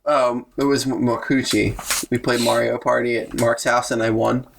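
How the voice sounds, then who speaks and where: A young man co-hosting a comedy podcast, telling stories with animated, acted-out quotes. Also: medium pitch, moderate pace, vocal fry, background noise. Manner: animated storyteller, acts out his own quotes. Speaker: podcast co-host. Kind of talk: casual comedic chat.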